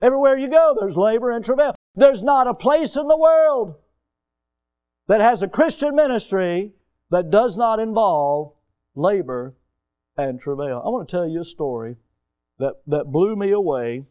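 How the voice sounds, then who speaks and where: Male preacher, high voice, folksy, emphatic, questions to the pews. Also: animated, moderate pace, mellow, clear, resonant tone. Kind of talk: sermon.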